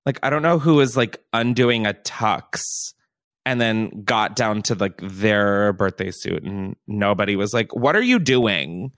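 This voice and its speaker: A man's voice: lowish voice, lively intonation, a little slow, a bit bright, no echo, studio quality. A young man hosting a casual, comedic chat show, joking and laughing often. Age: young adult. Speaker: podcast host.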